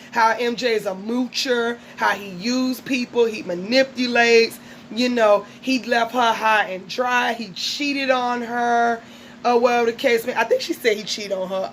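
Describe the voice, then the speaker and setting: A woman with a fairly high voice runs through a TV episode in casual, gossipy chat. She is full of fillers and asides. A faint background hum sits under her voice. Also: poor audio. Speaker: reality TV recapper.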